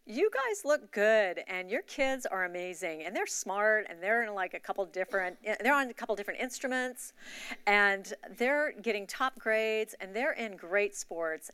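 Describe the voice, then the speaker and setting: Speaking at normal speed with a medium-pitched, bright, forceful voice, a church member offers her congregation a frank, confessional testimony, chatting as she goes. The tone is clean, without echo.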